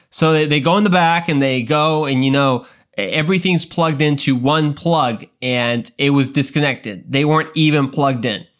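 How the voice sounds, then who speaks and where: A man's voice: a little high, moderate pace, fairly bright tone, clean tone. A young adult man hosting a Christian podcast, telling stories in a casual, earnest, rambling way with many restarts. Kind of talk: casual podcast talk with storytelling.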